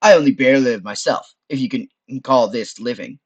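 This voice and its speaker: A man's voice: mid-range voice, fairly quick, breathy edge, lo-fi sound. A man playing Frank, a wisecracking floating skull. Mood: brash. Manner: brash, chummy, calls the listener boss.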